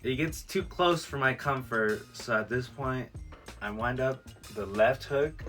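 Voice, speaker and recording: A man's voice: mid-range voice, measured pace, over music. A man vlogger telling a personal story in a casual storytime video, acting out what people said. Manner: animated storyteller who acts out quoted lines. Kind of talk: storytime vlog.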